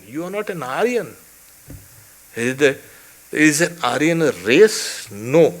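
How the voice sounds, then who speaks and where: A swami with a fairly high voice teaches a weekly scripture class in an emphatic lecture style, posing rhetorical questions. He often adds "you can say" as an aside and chuckles softly now and then.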